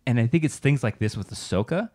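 A man co-hosting a casual livestream chat, talking in an excited, rambling way with many fillers. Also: medium pitch, fast. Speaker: podcast co-host.

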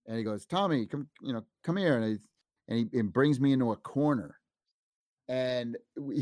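A man in his fifties tells animated stories as an interview guest, acting out what other people said. His voice sits at an ordinary middle pitch. It is recorded close and dry, with no room sound. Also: no room sound. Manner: animated anecdotes, acts out quoted dialogue. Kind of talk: casual interview storytelling.

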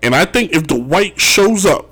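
A man's voice: a little high, animated, measured pace, a bit bright, husky. A man hosting a casual sports talk show, rambling and joking about basketball moves, often tossing in "if you will.". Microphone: wearing Chicago sports gear.

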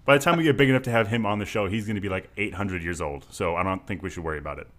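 Deep-voiced fast-talking young man. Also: a bit bright. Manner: blunt, swears, teasing. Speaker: podcast co-host. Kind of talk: casual movie-review chat.

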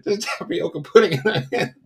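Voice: medium pitch, expressive, brisk, creaky. A podcast co-host reacting to a friend's story with amused, laughing remarks. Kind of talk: casual chat, reacting.

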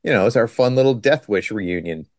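Sarcastic low-voiced man recapping a movie. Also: animated, a little mellow, no echo, studio quality. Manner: joking, sarcastic, quotes scenes in quick put-on lines. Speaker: podcast co-host. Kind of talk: casual movie recap chat.

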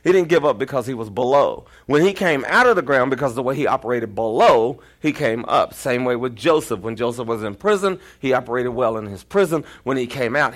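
A pastor with a Texan accent preaching a storytelling sermon, acting out quoted voices and sometimes near-shouting. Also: male voice, medium pitch.

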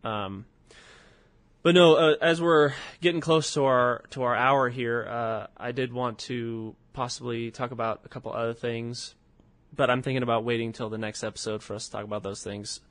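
A man hosting a casual podcast, rambling along with restarts and pauses. The sound is dry and close. His pitch sits in the middle. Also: fairly even intonation, a bit bright, no echo. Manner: rambling, hesitant, many restarts. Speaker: podcast host. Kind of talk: casual chat.

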